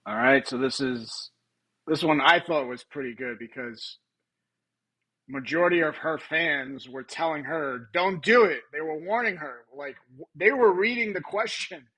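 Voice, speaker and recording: A man with a bright, forceful voice hosts a live stream in a loose, casual way. He thinks aloud, swears freely and laughs easily between clips. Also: on the high side, a little slow, slightly rough, poor audio.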